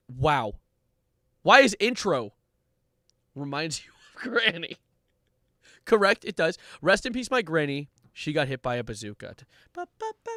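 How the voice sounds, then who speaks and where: A man's voice: a little high, fairly bright tone, no room sound, studio quality. A man streaming a comedic lyric breakdown in a mock-serious manner, breaking into laughs and yelps.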